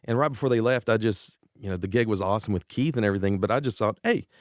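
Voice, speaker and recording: Low-voiced man telling road stories, dry sound. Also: very fast, no room sound. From East Tennessee. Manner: animated anecdotes with laughs and quoted voices. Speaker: guest musician. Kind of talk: casual interview storytelling.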